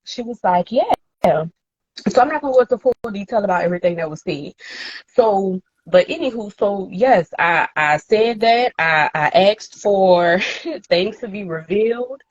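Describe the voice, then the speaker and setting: A woman co-hosting a podcast, telling a candid personal story in casual slang, swearing freely and jumping up into a higher voice when she quotes people. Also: a little slow. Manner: animated, acts out quotes in a higher voice. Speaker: podcast co-host. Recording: dull, dry sound.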